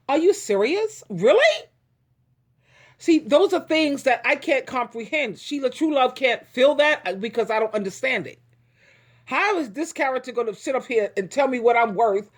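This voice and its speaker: Older woman vlogger, hoarse today, pitched a bit high, emphatic and animated, talks about herself in third person. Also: moderate pace. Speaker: vlogger giving life advice. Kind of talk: casual to-camera monologue.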